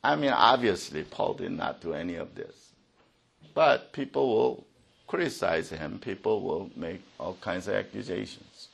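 A man preaching a sermon, reading scripture aloud and explaining it, rising for the readings and dropping low for his asides. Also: animated, measured pace, creaky, slightly rough. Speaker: pastor.

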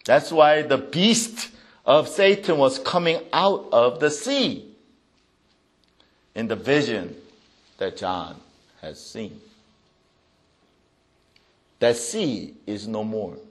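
Slow, animated man preaching a sermon. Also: medium pitch. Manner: swings between loud proclamation and soft asides; reads scripture aloud with emphasis. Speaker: pastor.

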